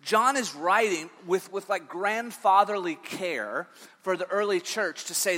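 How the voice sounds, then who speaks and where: A man's voice: high voice, measured pace, a bit bright, big-room sound. A man giving a sermon as pastor, telling stories in a loose, conversational way with many fillers and restarts. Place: church sanctuary.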